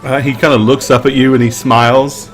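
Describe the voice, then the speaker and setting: A man narrating a tabletop game as game master, relaxed and given to laughing asides. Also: medium pitch, brisk, soft background music.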